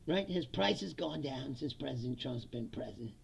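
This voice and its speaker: A man's voice: medium pitch, lively intonation, normal speed, gravelly, slightly rough. A man delivering a profane, sarcastic political comedy rant, laughing between lines. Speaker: political commentator.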